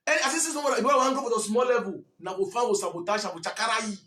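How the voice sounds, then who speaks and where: A man with a Cameroonian Pidgin English accent delivers a fiery, scolding monologue and keeps repeating himself for emphasis. His voice sits very high. The room adds a clear echo. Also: rapid-fire, sharp tone. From Southwest Cameroon. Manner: preachy, repetitive, scolding. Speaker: commentator. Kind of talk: impassioned monologue.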